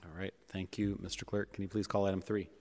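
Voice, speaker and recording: Deep-voiced man chairing a public meeting. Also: flat delivery, fast, a little mellow. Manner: procedural, with frequent fillers. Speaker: board chair. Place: city hall legislative chamber. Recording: echoey chamber with long reverb.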